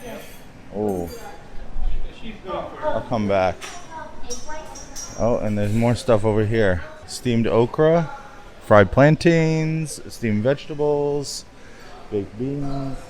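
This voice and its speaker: Male travel vlogger, slow easy pace, narrating his walk into a handheld camera. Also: medium pitch, a little mellow. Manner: chatty, narrating what he sees as he walks. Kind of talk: casual vlog commentary while walking.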